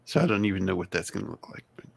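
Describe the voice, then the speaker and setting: A man hosting a podcast in casual chat, easygoing and quick to agree. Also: sits low, expressive, gravelly, husky. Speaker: podcast host.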